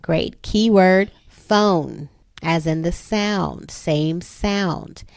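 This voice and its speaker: A woman's voice: fairly low pitch, extremely slow, gravelly, a little mellow, no room sound. A woman in her thirties, a homeschooling mother, patiently explaining a phonics lesson to her children step by step.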